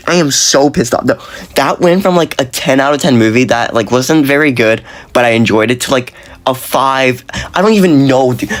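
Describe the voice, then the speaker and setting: Man, casual video review, excitable rant, slang and fillers, voice jumps when exasperated. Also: mid-range voice. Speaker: movie reviewer.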